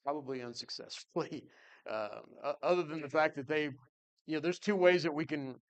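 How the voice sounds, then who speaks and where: A man's voice: on the high side, normal speed. A man teaching a Bible class in an earnest, conversational way, thinking aloud and answering his class.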